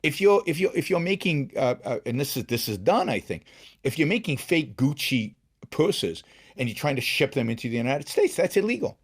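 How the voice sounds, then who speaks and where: This man's mid-range voice is animated and at normal speed. He's a middle-aged host doing political commentary alone, pressing his points emphatically with many restarts and repetitions.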